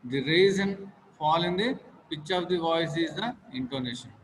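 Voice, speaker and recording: A man's voice: fairly high pitch, slight background noise. Echoey man lecturing. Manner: repetitive, halting with many fillers. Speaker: teacher. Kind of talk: classroom lecture. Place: classroom.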